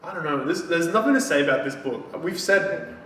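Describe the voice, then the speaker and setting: A man's voice: a little high, lively intonation, fairly quick, crowd noise. A man co-hosting a casual book-review chat, swearing freely as he recaps the plot. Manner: profane, retells plot acting out characters' lines. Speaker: podcast co-host. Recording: echoey room from a distant mic, faint noise.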